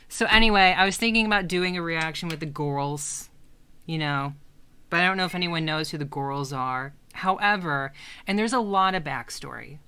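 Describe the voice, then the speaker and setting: Bright, clear-voiced woman rambling on a livestream. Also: sits low. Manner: rambling and hesitant, with many restarts; coos softly when talking to her cat. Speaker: livestream host. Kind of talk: casual livestream chat.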